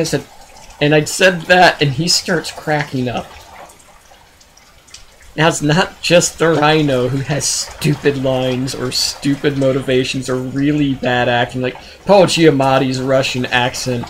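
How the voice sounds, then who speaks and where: A man reviewing a movie in a sarcastic, exasperated rant, often jumping into high, incredulous outbursts. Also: a little slow, a bit bright, slight background noise, low-quality recording.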